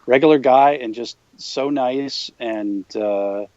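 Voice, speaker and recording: A man guesting on a podcast, telling stories in a relaxed way with many fillers and the odd quick impression. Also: mid-range voice, no room sound. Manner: relaxed storyteller, frequent fillers, slips into impressions. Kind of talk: casual anecdote-telling. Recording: slightly dull lo-fi podcast audio.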